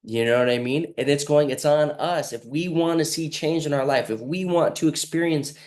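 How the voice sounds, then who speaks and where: A man's voice: fairly high pitch, moderate pace, darkish tone. Earnest rambling male healer. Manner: earnest, rambling, acts out quoted lines. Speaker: healing practitioner and host. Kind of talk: casual motivational monologue.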